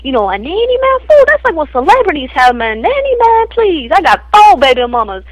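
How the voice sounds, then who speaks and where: A woman's voice: high voice, big pitch swings, a little fast, no room sound, low-quality recording. A woman voicing a crude, boastful street guy in an improvised comedy spoof, who rambles in slang and tacks "man" and "fool" onto every phrase.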